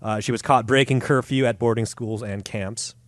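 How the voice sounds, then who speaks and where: A man's voice: mid-range voice, steady tone, moderate pace, no echo, studio quality. A man hosting a comedy podcast, telling a story in a casual, profane, joking way. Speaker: podcast host.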